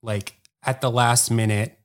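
A man's voice: medium pitch, level tone. A man speaking as a guest on a podcast, telling a long story in a rambling, casual way and filling it with "like". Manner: rambling, heavy use of "like", quick bursts. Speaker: podcast guest, former editor.

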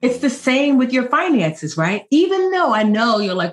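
Lively, joking woman financial educator. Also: on the high side, normal speed. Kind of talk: conversational podcast interview.

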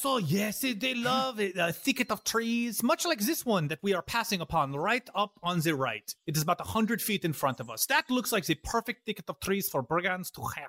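Guy doing a hammy scheming courtier, fake accent, bright highish voice. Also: no room sound, clean studio sound. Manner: theatrical, over-earnest put-on accent. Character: foreign-born courtier plotting against the queen. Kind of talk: improvised comedy audio play.

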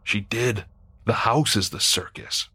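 A man voicing a grieving, secretive middle-aged husband who speaks quietly and tensely. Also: lowish voice, unhurried, slightly rough, no echo, pitched above the performer's own voice, exaggerated voice. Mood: strained. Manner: quiet, strained.

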